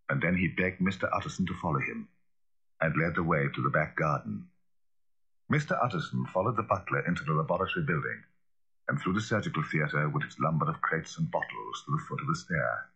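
A man narrating a classic novel as an audiobook, in a measured, grave way. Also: rumbling low, expressive, creaky, sharp tone, slightly rough, dull audio.

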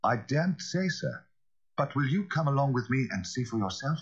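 A man's voice: medium pitch, very animated, moderate pace, husky, dull audio, voice pushed up. A man voicing an anxious old butler who talks in a fearful, pleading way.

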